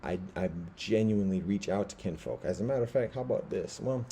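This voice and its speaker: Man, 50s, low and deeply mellow voice; rambling monologue that stalls on repeated words and restarts. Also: fast talker, gravelly, a little hiss or hum.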